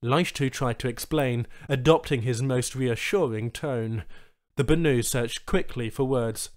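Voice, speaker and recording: A man's voice: medium pitch, unhurried. A man reading a science fiction short story aloud as an audiobook narrator. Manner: expressive storytelling. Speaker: audiobook reader. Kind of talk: scripted narration.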